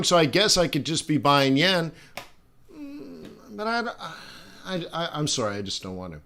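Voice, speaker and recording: A man's voice: a little high, lively intonation, brisk, a bit bright, smooth. A middle-aged man hosting a live trading stream, talking casually with rambling asides and restarts. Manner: rambling, chatty, many fillers and restarts. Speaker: forex trading stream host.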